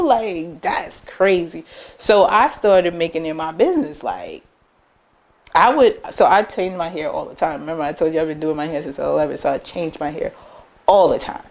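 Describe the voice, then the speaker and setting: Young american woman telling stories in an interview, pitch jumps way up when she acts out what people said, lowish voice. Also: animated, moderate pace, a little mellow. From United States. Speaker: interview guest, business owner. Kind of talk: casual storytelling interview.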